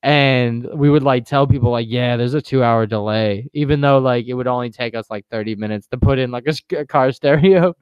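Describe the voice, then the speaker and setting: A man's voice: medium pitch, a little fast, hardly any pauses, a little mellow, smooth, no room sound, lo-fi sound. A young man on a podcast, laid-back and joking, swearing casually as he tells a story. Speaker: podcast co-host. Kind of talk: casual chat.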